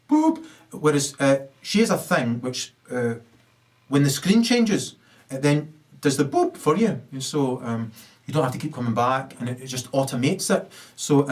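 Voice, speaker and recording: A man in a rambling, ranting monologue, full of hesitations and fillers and with sudden loud rises. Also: mid-range voice, distant mic. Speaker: video blogger.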